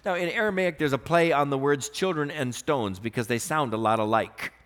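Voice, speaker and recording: A man preaching a sermon as pastor, earnest, swinging between emphatic raised passages and quiet, softly spoken stretches. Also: on the high side, brisk. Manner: earnest preaching, rising to emphatic bursts then dropping soft.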